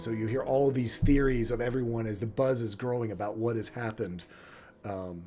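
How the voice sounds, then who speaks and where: A man running a tabletop game, narrating in a relaxed, chatty way with many fillers. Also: medium pitch, brisk. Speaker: game master.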